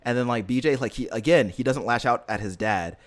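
In casual conversation, a man with a mid-range voice talks fairly quickly, earnestly retelling a story. He rambles, using lots of fillers and restarts, and sounds emotionally invested.

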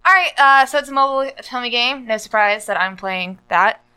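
A woman talks casually on a podcast, wandering through her point with many "uh"s and "like"s. Her voice is bright and crisp, with a smooth, clean tone. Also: a little high, fairly quick, rough recording. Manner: rambling, full of "uh" and "like". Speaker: podcast co-host. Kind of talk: casual chat.

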